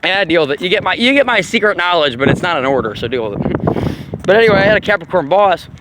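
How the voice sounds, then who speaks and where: A man rambling casually and profanely, laughing often, in an animated monologue. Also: high-pitched, very fast, noisy background. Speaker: vlogger on astrology.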